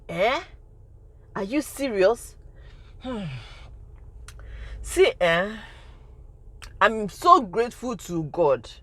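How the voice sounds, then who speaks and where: A woman's voice: mid-range voice, no echo. Emphatic Nigerian woman telling a story. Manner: emphatic, repeats phrases for effect. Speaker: vlogger. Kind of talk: storytime testimony vlog.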